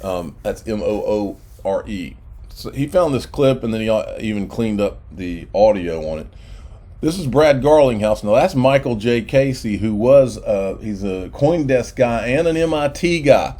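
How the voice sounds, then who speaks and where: A man's voice: fairly low pitch, animated, a little slow, mellow. A man hosting a crypto channel, talking casually and sarcastically to viewers, indignant and often restarting his sentences.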